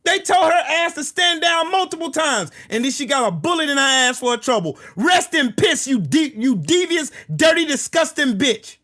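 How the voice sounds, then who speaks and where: A political channel host with a strikingly high, piercing voice rants combatively, his tone bright and sharp as he swears and erupts into shouts. Very animated, he talks at a moderate pace with few pauses. The whole tirade is relentless and confrontational.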